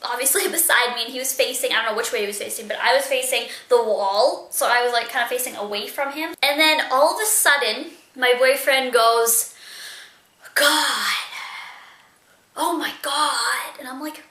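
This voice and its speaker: A young woman is chatting through a story for her vlog, filling it with "like" and "um". Her voice is bright and sits a little high. The sound bounces around an echoey room. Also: a little fast. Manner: chatty, lots of fillers. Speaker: vlogger. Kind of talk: casual storytelling.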